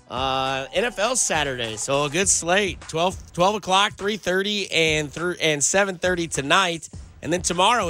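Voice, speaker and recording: Male sports radio host, upbeat and playful, bright forceful tone, slightly high voice, faint music under him. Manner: energetic, playful. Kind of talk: radio show banter.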